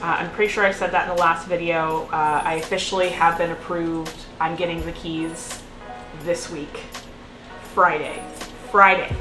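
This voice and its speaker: A woman vlogging at home in a casual, rambling way, with many fillers and restarts. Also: lowish voice. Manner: sings out baby talk to her pets. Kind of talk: casual chatty vlog. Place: at home indoors. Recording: echoey room with music behind.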